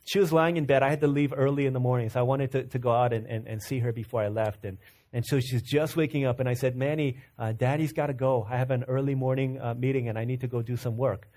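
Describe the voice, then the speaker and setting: A man in his thirties preaching a sermon, earnest and repeating himself, dropping to a soft low voice for stories. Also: fairly even intonation, fast. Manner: earnest, repeats words and restarts, drops to a soft low voice when telling stories. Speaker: pastor.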